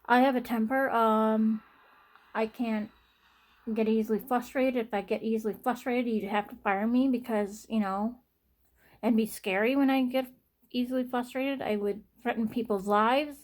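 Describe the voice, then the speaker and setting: A young adult woman talking to camera in a personal vlog, halting and repetitive, with frequent sighs and restarts. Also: on the high side, fairly even intonation. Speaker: vlogger.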